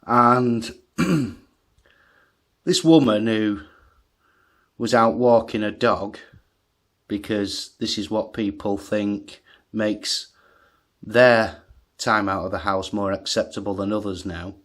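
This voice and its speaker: A man's voice: lowish voice, fairly even intonation, takes it slowly, pauses often, a bit bright. A man telling an angry story on his own channel. He swears heavily, gets agitated, and laughs at himself between rants. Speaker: vlogger. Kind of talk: ranting monologue story.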